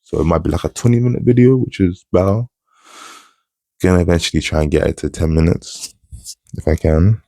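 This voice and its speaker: Young guy, rock-bottom voice, heavy fry, dry close sound, flat monotone vlog delivery. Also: normal speed, long pauses, dry recording. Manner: monotone, low-key. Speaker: channel host. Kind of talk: casual solo vlog chat.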